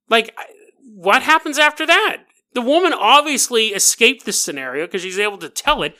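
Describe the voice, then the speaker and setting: A man's voice: sits high, very animated, moderate pace, bright, forceful tone. A man hosting a podcast, telling a paranormal story with jokey, laughing asides aimed right at the listener. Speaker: podcast host.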